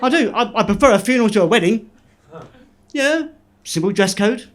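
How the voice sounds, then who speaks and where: A man doing stand-up in a club, delivering one-liners deadpan, with the odd quick chuckle at his own jokes. His voice sits notably high for a man. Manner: deadpan joke delivery with quick self-laughs. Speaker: stand-up comedian. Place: comedy club stage.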